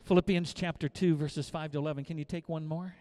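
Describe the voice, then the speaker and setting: A high-pitched middle-aged man preaching a sermon as pastor. He drops to quiet, confiding asides, then rises into loud, repeated declarations of emphasis. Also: steady tone, brisk.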